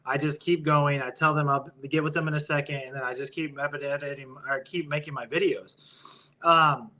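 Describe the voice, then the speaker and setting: A man in his thirties talks casually as a podcast guest, with a very bright, sharp tone. His voice sits a little high for a man. He is laid-back and profane, sprinkling "bro" through his talk. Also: fairly even intonation, moderate pace.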